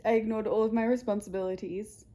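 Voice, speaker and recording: A teary, emotional woman book vlogger talking to camera, halting and repeating herself softly. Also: mid-range voice, flat delivery. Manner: halting, repeats herself, soft trailing phrases. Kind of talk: casual chat to camera.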